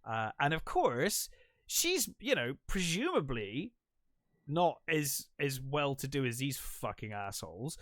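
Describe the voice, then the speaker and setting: A man talking through a movie on a podcast, his pitch rising and falling a lot as he retells scenes. The sound is dry and close, with no room echo. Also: very animated, measured pace, a bit bright. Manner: retells scenes with quoted voices, many fillers. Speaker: podcast co-host. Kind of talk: casual film discussion.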